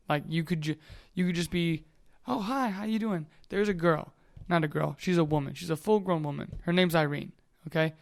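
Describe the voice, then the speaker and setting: A young man in his twenties talks in a loose, candid motivational monologue, drifting from thought to thought and swearing freely. His voice is smooth and clear and sits a little high for a man. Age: 20s. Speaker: vlogger.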